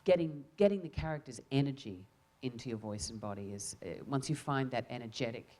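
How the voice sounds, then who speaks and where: A woman's voice: a bass voice, brisk, mellow, slight background noise. A woman actor answering panel questions in a reflective way, often restarting and repeating words.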